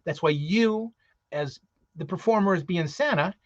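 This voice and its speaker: A man's voice: high voice, measured pace, no echo. A man who performs as Santa, giving earnest, cheerful tips to other Santa performers in a casual live show. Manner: earnest, cheerful, repeats himself. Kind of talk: casual advice talk. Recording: dull, dry lo-fi audio.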